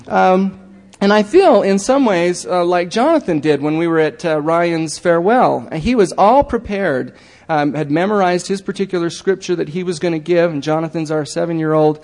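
Halting middle-aged man in echoing chapel. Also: on the high side, a little mellow. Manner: halting, many fillers, turning earnest. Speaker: lay church speaker. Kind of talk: church talk. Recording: long hall reverb.

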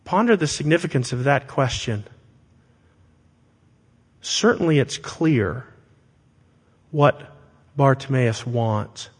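A man preaching a sermon to his congregation, speaking deliberately and with emphasis and asking rhetorical questions. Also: mid-range voice, animated, husky. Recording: long hall reverb.

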